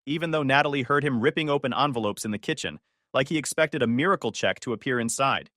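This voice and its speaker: A man's voice: mid-range voice, quick pace, sharp tone, no echo, studio quality. Matter-of-fact man narrating a story. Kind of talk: scripted first-person story narration.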